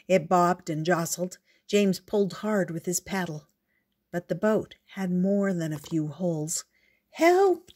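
A woman reading a picture book aloud in a gentle, unhurried storyteller's way. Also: fairly low pitch, husky.

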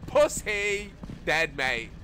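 Excitable young man gaming streamer. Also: high voice, drawn-out words, a little hiss or hum. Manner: excitable, yelling and laughing in fright. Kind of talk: casual gameplay commentary. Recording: loud game music underneath.

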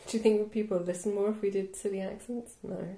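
A woman's voice: medium pitch, fairly even intonation, fast talker, creaky, warm tone. A woman co-hosting a casual food review podcast, teasing and dry in manner. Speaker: podcast co-host. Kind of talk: casual chat. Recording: roomy echo.

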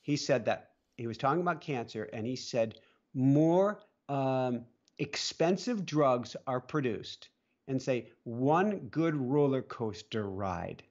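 A man's voice: mid-range voice, slow, muffled recording. A man co-hosting a casual chat, telling stories with lots of laughter. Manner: animated storyteller, laughs often. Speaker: co-host.

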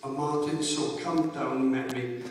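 A man's voice: medium pitch, steady tone, normal speed, heavy background noise. A middle-aged man giving an after-dinner speech, swearing freely and laughing at his own stories. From Wales. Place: large hotel function hall. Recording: echoey hall from far off.

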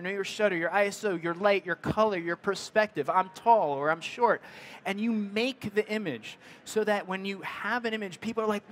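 Chatty man with a high voice. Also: a bit bright. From United States. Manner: rambling, many fillers and restarts. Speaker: photographer giving a presentation. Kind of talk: casual talk to an audience.

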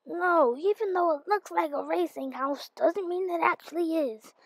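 A woman's voice: very high voice, normal speed, no echo, pitched above the performer's own voice, rough recording. A woman voicing a sly man with a freezing machine, smug and teasing, in game role-play.

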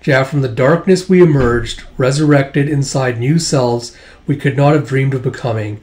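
A man voicing an older scholarly professor, reading in a measured, gentle way as if to children. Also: mid-range voice, close to an everyday voice. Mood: solemn.

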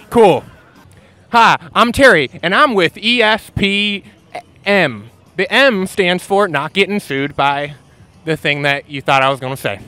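A man joking around as a mock sports reporter, interviewing fans outdoors at a stadium tailgate with goofy, deadpan punchlines. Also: high voice.

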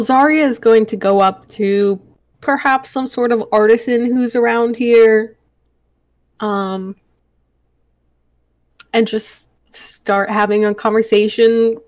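Higher-voiced chatty woman player. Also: slow pace, long pauses, a little mellow. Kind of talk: tabletop game play.

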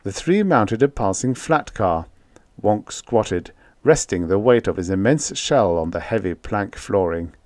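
A man narrating a science fiction audiobook in an expressive, lively reading. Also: fairly low pitch, unhurried, dry recording.

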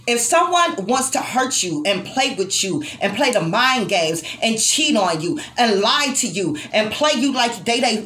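A young adult woman reads tarot cards for her viewers in a raised, lively voice that swings all over. She is emphatic and emotional, swears without holding back, and turns tender when she speaks to the listener. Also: on the high side. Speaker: tarot reader. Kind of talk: tarot reading addressed to viewers.

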